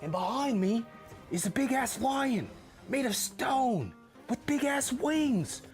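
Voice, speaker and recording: A man putting on a slow, exclaiming wildlife presenter voice with a fake Australian accent, laughing between lines. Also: very high-pitched, very animated, soft background music, pitched above the performer's own voice, exaggerated voice. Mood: goofy. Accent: put-on Australian. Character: boisterous male wildlife presenter, Aussie-style impression.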